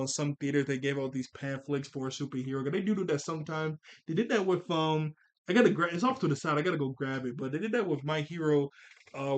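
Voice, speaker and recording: A man giving a casual anime review, excitable and rambling, with frequent restarts and laughs. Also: on the high side. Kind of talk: casual commentary.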